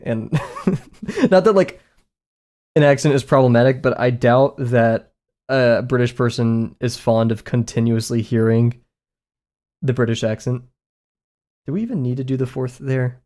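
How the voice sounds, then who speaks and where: Gravelly, mellow-voiced young man streaming. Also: mid-range voice. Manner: rambling and self-mocking, talks to chat. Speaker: art streamer. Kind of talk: casual live-stream chat while drawing.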